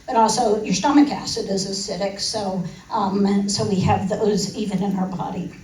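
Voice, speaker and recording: A woman's voice: mid-range voice, steady tone, moderate pace, darkish tone. A woman giving a casual science talk to a live audience, with many fillers and restarts. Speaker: guest speaker on food science. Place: lecture room. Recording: roomy, distant mic in a hall.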